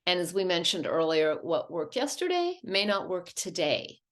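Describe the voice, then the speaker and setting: A woman from a hospice presenting a caregiving webinar in a calm, explanatory way. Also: fairly low pitch, normal speed. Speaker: hospice educator.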